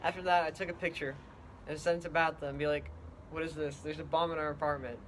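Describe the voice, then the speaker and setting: A man telling his side of the story in halting, plain sentences. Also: on the high side, little pitch movement, slight background noise. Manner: halting, plain recounting with restarts. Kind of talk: casual chat.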